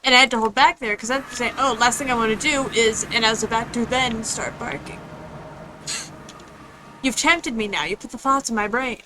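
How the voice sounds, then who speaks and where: A woman's voice: fairly high pitch, brisk, background noise. A woman streaming a game, chatting casually in a rambling way and answering chat. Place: home room with others nearby.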